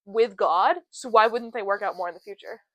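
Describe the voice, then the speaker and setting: A young woman co-hosting a casual faith podcast, chatty and earnest, retelling Bible stories with lively quoted voices. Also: mid-range voice, a little fast, dry recording, rough recording. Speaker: podcast co-host.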